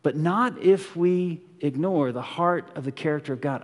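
A man's voice: fairly high pitch, moderate pace, hardly any pauses. A man preaching a conversational, earnest sermon as a pastor, often asking the congregation rhetorical questions. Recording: long hall reverb.

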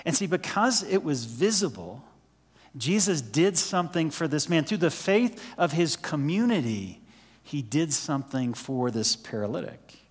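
A man's voice: a little high, expressive, a little slow, husky, long reverb tail. A man preaching a sermon in a conversational way, asking the listeners questions and dropping to a near-whisper for emphasis. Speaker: pastor.

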